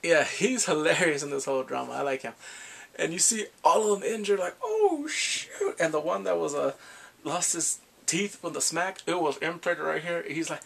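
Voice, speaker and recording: Guy excitedly recapping a drama, kinda gravelly and husky, laughs a bunch and does the characters' lines. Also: brisk. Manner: animated, laughs often, acts out characters' lines in a high voice. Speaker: drama reviewer. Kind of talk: casual episode recap.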